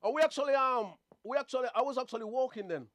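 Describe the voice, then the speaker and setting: A man with a high-pitched voice hosts a casual talk monologue. He rambles, circles back and repeats words as he goes. The sound is dry and close, with no room echo. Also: quick pace, a bit bright. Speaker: host.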